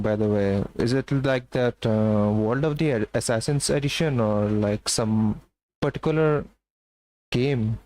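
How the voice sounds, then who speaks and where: A man's voice: mid-range voice, a little slow, darkish tone, a little hiss or hum, poor audio. A man streaming live, chatting casually and playfully with his viewers. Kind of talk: casual livestream chat.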